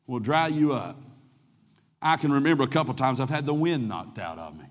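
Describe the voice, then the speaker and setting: A middle-aged man preaching a sermon, telling folksy personal stories and swinging from loud to hushed. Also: fairly high pitch, expressive, a little fast, in a large hall.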